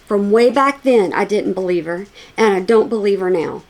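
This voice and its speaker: A woman's voice: mid-range voice, moderate pace, darkish tone. A woman giving reaction commentary, emphatic and scornful, repeating her points for stress. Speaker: commentary YouTuber. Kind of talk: reaction commentary on video clips.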